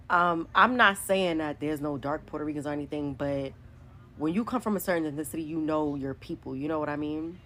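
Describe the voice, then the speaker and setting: Low-voiced New woman telling stories. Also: a bit bright. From New York City. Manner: chatty and candid, many likes and whatevers. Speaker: vlogger. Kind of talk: casual storytime monologue.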